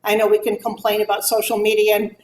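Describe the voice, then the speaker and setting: A fast talker with a mid-range voice, this middle-aged woman speaks candidly and animatedly to a moms' group about grief, acting out quoted remarks from others. There's slight background noise in an echoey room with faint ambience.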